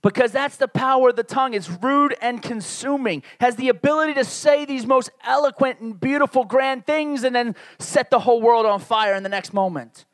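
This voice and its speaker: A man's voice: extremely high pitch, normal speed, hardly any pauses, dry recording, studio quality. A man in his forties, raised in the Northeastern United States, preaching a sermon in a candid, conversational way with self-deprecating asides. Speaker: pastor.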